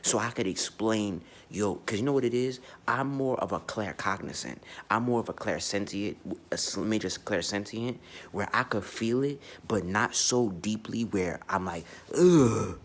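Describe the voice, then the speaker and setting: Man, astrology vlogger, lowish voice, blunt and profane, emphatic casual monologue. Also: normal speed, a bit bright.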